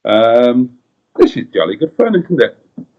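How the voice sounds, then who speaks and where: A man's voice: medium pitch, sing-song, takes it slowly. A middle-aged man with a Welsh accent, co-hosting a casual live-stream chat in a wry, playful way and reading out viewer comments. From Wales. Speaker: co-host. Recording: dull lo-fi sound.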